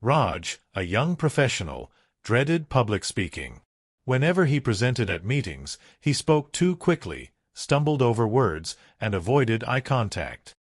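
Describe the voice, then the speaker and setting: A man reading a self-help audiobook as scripted narration, in an even, instructive way with deliberate pauses. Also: mid-range voice, slightly rough, no room sound, studio quality.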